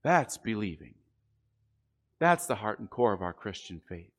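A man preaching a sermon, earnest and deliberate, slowing down on the key phrases. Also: lowish voice, sing-song. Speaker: pastor.

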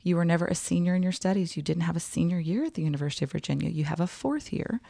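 A chatty woman co-hosts a casual podcast, with plenty of fillers in her talk. Her low voice has a gravelly fry to it. The sound is dry and close. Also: very fast, dark tone, no room sound. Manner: chatty, lots of likes, laughs easily. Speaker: podcast co-host. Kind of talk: casual chat.

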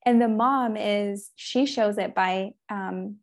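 Chatty woman with a gravelly edge. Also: mid-range voice, slow. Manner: chatty, explains with acted-out examples. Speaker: guest co-host. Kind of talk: casual chat.

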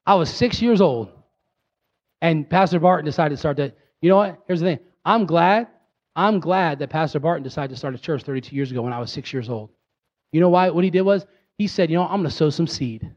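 A man in his thirties, a pastor preaching a sermon emphatically, talking directly to his congregation and rising into excited bursts. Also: on the high side, a little fast, lo-fi sound. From Pennsylvania. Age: 30s.

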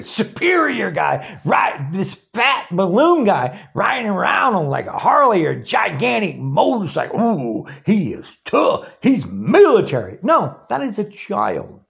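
A man's voice: high-pitched, creaky, a bit bright. A man in his sixties delivering an angry, taunting political rant straight to the camera. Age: 60s. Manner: ranting, taunting, challenging. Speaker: video blogger.

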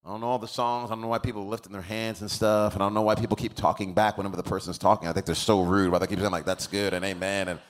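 A man's voice: lowish voice, steady tone, racing, few pauses. A man preaching a sermon as pastor, telling stories casually and building to emphatic preaching.

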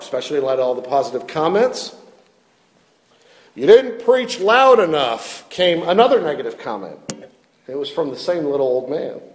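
A man's voice: on the high side, darkish tone, big-room sound. A male pastor preaching a sermon in an earnest, self-deprecating way, often repeating words as he stresses a point.

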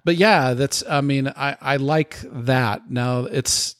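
A man's voice: mid-range voice, slow pace, a bit bright, smooth, no echo, clean studio sound. Chatty man co-hosting a podcast. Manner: chatty, enthusiastic, stumbles and repeats words. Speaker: podcast co-host. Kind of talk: casual chat.

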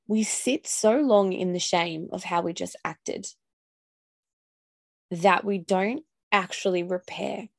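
Chatty woman doing her podcast, swears a lot, kinda gravelly voice, mid pitch. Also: no room sound, clean studio sound. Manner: candid, swearing, laughing, acts out yelling. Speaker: podcast host. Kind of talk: casual solo podcast monologue.

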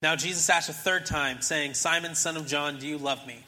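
Young male pastor with a bright, ringing voice. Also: fairly high pitch, fairly even intonation, normal speed, big-room sound. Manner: casual storytelling, acting out characters in the story. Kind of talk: sermon.

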